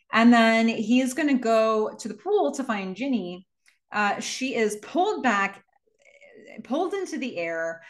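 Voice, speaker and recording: A woman hosting a casual movie recap and telling the plot in a chatty way, with many fillers. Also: medium pitch. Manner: chatty, filler-heavy storytelling.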